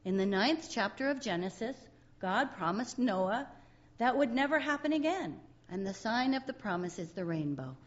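A woman voicing an earnest, bookish young cartoon boy who explains things calmly, reading from a comic strip. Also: a little high, normal speed, highs cut off, lightly acted. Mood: explaining.

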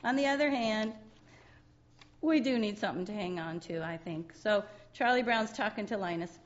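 A woman's voice: medium pitch, normal speed. Chatty woman preaching, lo-fi sound. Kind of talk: sermon.

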